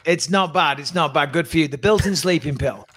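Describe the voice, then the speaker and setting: Animated, teasing podcast host man. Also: on the high side, fairly quick, husky, soft background music. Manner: animated, teasing, talks with emphatic repetition. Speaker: podcast co-host and fight pundit. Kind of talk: casual podcast chat.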